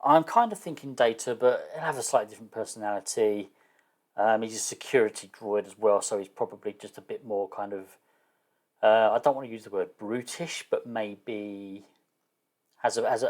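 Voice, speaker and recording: A man explaining his solo tabletop game setup in a casual, hesitant way, often pausing with fillers and restarting sentences, and unsure of some terms. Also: lowish voice, darkish tone. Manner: self-deprecating, unsure of terms. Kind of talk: casual thinking-aloud explanation.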